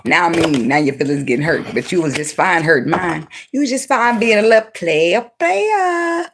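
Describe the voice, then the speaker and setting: A woman giving an unscripted tarot reading in a blunt, profane, animated way, breaking into laughs often. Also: low-pitched, quick pace, breathy edge. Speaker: tarot reader.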